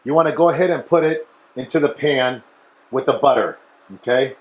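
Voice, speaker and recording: A man's voice: medium pitch, fairly quick, slight background noise. A man hosting a cooking show, chatty and instructional, often checking in with okay. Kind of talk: casual cooking demonstration.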